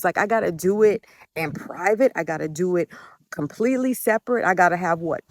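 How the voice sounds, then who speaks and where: A woman's voice: medium pitch, no room sound, clean studio sound. A woman telling a personal family story, candid and emotional, swearing freely as she gets indignant. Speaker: adult child recounting family conflict.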